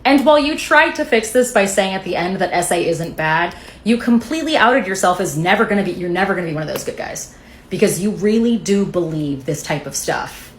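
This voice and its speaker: A woman's voice: mid-range voice, expressive, brisk, slight background noise. A woman talking to camera in an assertive, dismissive way. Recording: roomy echo.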